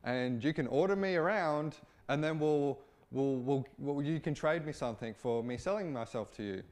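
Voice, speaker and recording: A man's voice: fairly high pitch, expressive, normal speed, darkish tone, lightly acted. A man doing a naive, pleading young man.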